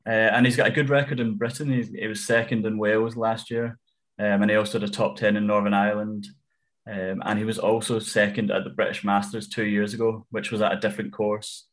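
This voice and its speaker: A man tipping golf bets in casual chat, analytical and measured with frequent ums. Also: lowish voice, level tone. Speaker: golf betting tipster.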